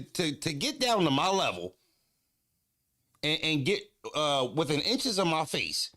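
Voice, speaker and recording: Man, casual profane storytelling, swooping lively pitch, dry close sound. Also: no echo. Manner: animated storytelling, profane, laughs often. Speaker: streamer. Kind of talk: casual chat.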